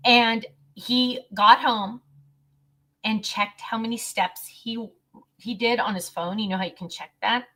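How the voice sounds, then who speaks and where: A middle-aged woman shares a family outing straight to camera in a loose, chatty vlog. Her voice sits a little high and rings bright and forward. She keeps slipping into little put-on voices for her relatives and laughing along. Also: fairly even intonation, a little slow. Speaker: vlogger. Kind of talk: casual storytelling vlog.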